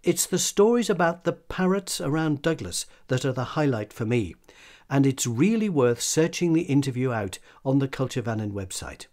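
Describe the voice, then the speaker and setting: A male radio presenter reading a scripted, fond tribute in a measured, even delivery. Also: medium pitch.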